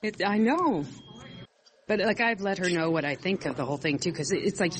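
A woman's voice: lowish voice, expressive, fairly quick. A woman co-hosting a casual online chat, rambling and searching for words. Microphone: online audio chat. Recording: noisy online call audio.

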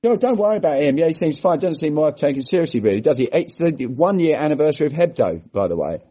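A man's voice: on the high side, very animated, fast, mellow, breathy edge. A man co-hosting a podcast in casual chat, sardonic and mocking, often swearing. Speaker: podcast co-host.

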